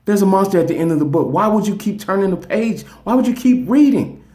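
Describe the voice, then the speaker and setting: A frantic, furry storybook monster yelps in a high, squeaky voice that leaps all over the place. He whines and frets without pause. A man puts the voice on while retelling the story. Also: animated, mellow. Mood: exasperated. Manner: high shrill exasperated pleading. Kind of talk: retelling a picture book.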